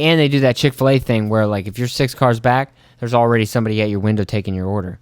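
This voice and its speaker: A young man hosting his own podcast, telling rambling, profane stories and acting out his own panicked reactions in jumps to a high voice. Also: fast talker, hardly any pauses, smooth, dry recording, clean studio sound. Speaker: podcast host. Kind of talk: casual solo storytelling.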